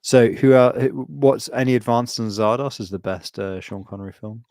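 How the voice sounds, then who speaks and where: A man chatting casually on a podcast, rambling through animated stories with lots of restarts. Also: medium pitch, normal speed, no room sound. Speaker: podcast co-host.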